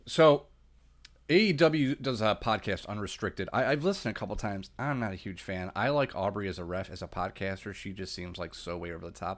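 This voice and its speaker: A man's voice: lowish voice, a little fast. A man co-hosting a podcast, easygoing and joking in rambling casual chat. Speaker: podcast co-host.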